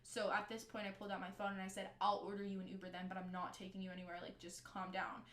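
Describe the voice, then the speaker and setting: A young woman telling a story from her own life in casual storytime style, animated and swearing freely as she quotes the people involved. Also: mid-range voice, fast, reverberant.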